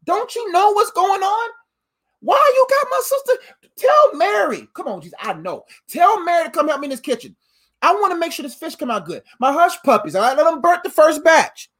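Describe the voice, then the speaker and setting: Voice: extremely high pitch, big pitch swings, brisk, a bit bright, pitched above the performer's own voice, exaggerated voice. A preacher voicing a frustrated woman who is busy cooking for guests, with a sassy, indignant manner and slangy talk. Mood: pleading, scolding.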